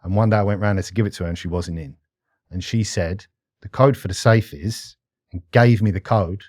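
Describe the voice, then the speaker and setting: British guy in his 30s, blunt candid talker, deep, dry mic. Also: fast, darkish tone, dry recording. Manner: blunt and candid, often says mate. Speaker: podcast guest. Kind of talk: candid conversation.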